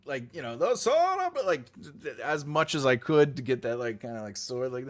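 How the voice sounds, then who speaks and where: A middle-aged man hosts a casual livestream in a medium-pitched voice with big pitch swings, moving at a moderate pace. He's playful and laughs often, breaking into bursts of mock-epic proclamation.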